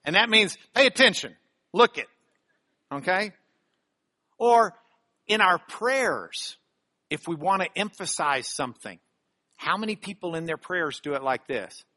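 Middle-aged guy teaching bible study, high bright voice, slow and deliberate. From Texas. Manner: animated, emphatic teaching with quick asides.

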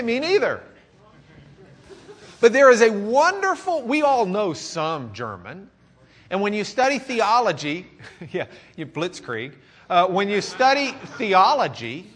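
A man with a Texan accent, from Lubbock, teaching a church class in a conversational sermon style, swinging between loud questions and quiet musing. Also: fairly high pitch. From Lubbock, Texas.

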